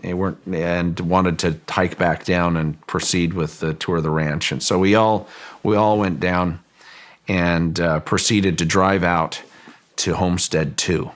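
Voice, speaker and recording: A man as an interview guest, recounting a story in a measured, deliberate way with frequent restarts. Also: low voice, fairly even intonation. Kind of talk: storytelling in a long-form interview.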